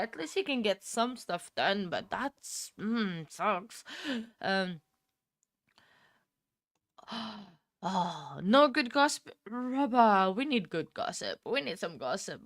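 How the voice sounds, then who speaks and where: A young woman hosting a livestream, chatting casually with viewers, laughing often and filling pauses with ums. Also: medium pitch, a bit bright, no room sound, studio quality. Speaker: livestream host. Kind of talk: casual chat with live viewers.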